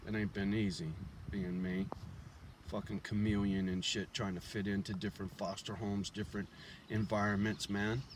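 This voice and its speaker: Outside his house, showing it off to the camera, a man delivers a blunt, profane monologue packed with street slang while chewing a toothpick. His voice is on the low side, flat and at normal speed, with a noisy background.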